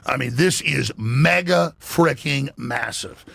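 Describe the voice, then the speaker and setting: A man behind a talk radio microphone, his voice gravelly and rough around the edges. He drives his political commentary hard, swearing freely and tripping over restarts, all recorded dry with no room sound. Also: medium pitch, takes it slowly, a bit bright, no echo. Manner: emphatic, profane, stumbling restarts.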